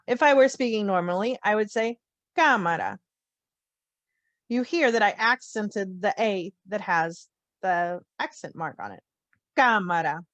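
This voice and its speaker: A woman teaching a phonics lesson, slowly spelling out letter sounds with clear, deliberate enunciation. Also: mid-range voice, no room sound. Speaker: Spanish teacher. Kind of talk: slow, careful phonics lesson.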